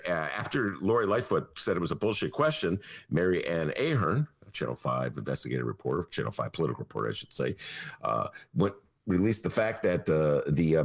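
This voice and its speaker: Male host, low gravelly voice, very animated pitch, rambling casual podcast chatter. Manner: rambling, self-mocking storyteller who goes off on tangents. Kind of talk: casual chat.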